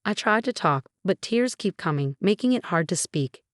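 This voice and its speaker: A woman narrating a first-person story in a steady, even scripted reading. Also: on the low side, moderate pace, no room sound, studio quality.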